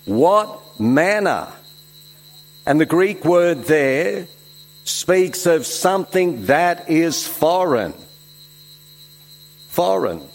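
A man from Switzerland, preaching a sermon with emphatic exclamations and soft asides. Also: on the high side, sing-song, extremely slow, pauses often, low-quality recording. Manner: emphatic, swings between loud exclamations and soft reflective asides.

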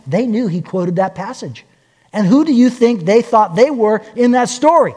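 A man preaching a sermon as pastor, telling stories with lively acted-out voices. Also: extremely high pitch, normal speed. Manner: animated storytelling, acting out quoted voices. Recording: long hall reverb.

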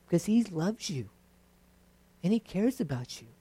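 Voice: mid-range voice, big pitch swings, normal speed, dark tone, slightly rough. A preacher giving a sermon in a conversational, self-deprecating way.

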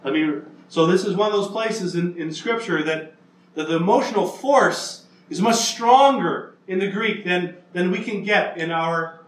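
A man preaching a sermon in an earnest, emphatic way, slowing down to stress key lines. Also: high voice, fairly bright tone, echoey room, far from the mic, rough recording.

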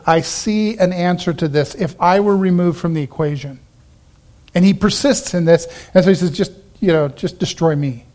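A man pastor preaching a sermon, animated, acting out the Bible characters in quick asides. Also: high voice.

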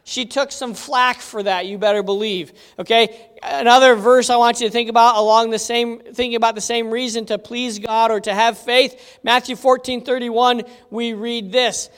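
An animated Bible teacher telling stories and putting questions to the audience. The voice sits at an ordinary pitch and carries a long reverb from a large hall. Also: normal speed, few pauses, clean tone. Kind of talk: interactive Bible lesson.

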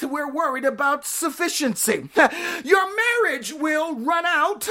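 A woman preaching with a high, ringing voice and a forceful, bright edge. She drives her points home with shouts and bursts of laughter, and keeps asking the congregation to answer back. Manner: emphatic, shouting, laughing often, calls for response. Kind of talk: sermon.

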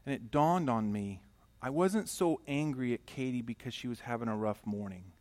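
A middle-aged male pastor with a mid-range voice preaches at a normal speed. He tells a personal story, shifting from loud, emphatic stretches to quiet, intimate moments.

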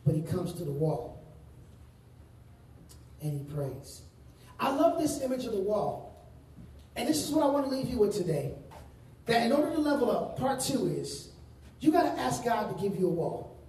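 A male pastor preaching a sermon to a congregation, stressing words and stretching out key phrases slowly. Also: high-pitched, sing-song, warm tone, a little hiss or hum. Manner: emphatic preaching with slow drawn-out phrases. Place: large room with congregation. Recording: very echoey room, distant mic.

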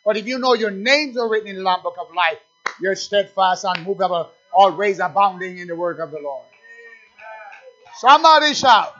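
A man's voice: sits high, brisk, fairly bright tone, highs cut off, faint music behind. A man preaching a sermon in call-and-response style, acting out little dialogues with the congregation.

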